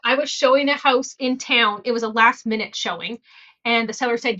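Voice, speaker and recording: Bright-voiced woman, animated host. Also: on the high side, a little fast, highs cut off. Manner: animated, laughing, repeats phrases for emphasis. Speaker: podcast host and realtor. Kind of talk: casual storytelling chat.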